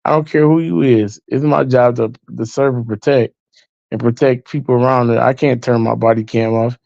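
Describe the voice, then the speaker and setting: A man's voice: medium pitch, steady tone, normal speed, gravelly, darkish tone, no room sound, muffled recording, close to an everyday voice. A man voicing a stern male police officer who bluntly orders a drunk man under arrest. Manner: firm, blunt, commanding.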